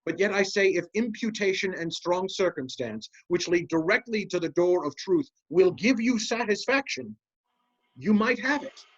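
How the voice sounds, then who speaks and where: An actor reading the part of a cunning, scheming male officer in an amateur Shakespeare reading, with a measured, insinuating delivery. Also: mid-range voice, animated, dull audio, natural voice.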